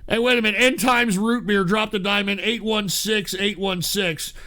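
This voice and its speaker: A man's voice: high voice, fairly even intonation, moderate pace. A slightly drunk man hosting a show, ranting angrily and swearing at his audience. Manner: yelling, swearing, bitter rant. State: tipsy. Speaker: show host. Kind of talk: angry profane rant to an online audience.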